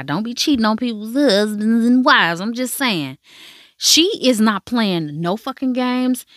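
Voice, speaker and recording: With a mid-range, slightly bright voice, this woman hosts a podcast, frankly and profanely recapping a drama while chatting playfully to her audience. The clean studio sound has no room tone.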